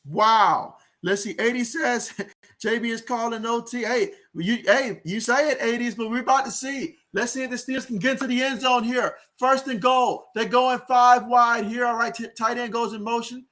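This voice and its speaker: A man calling a football game play by play on his own livestream, excitable and chatty with his viewers. His voice sits very high for a man. He talks into a home streaming mic. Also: moderate pace. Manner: excitable, talks to viewers, reads out chat comments. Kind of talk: live play-by-play commentary.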